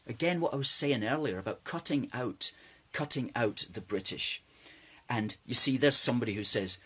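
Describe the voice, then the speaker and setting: Scottish host for a live political stream, low husky voice, punchy and emphatic, doubles up his lines. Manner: emphatic, repeats phrases for stress.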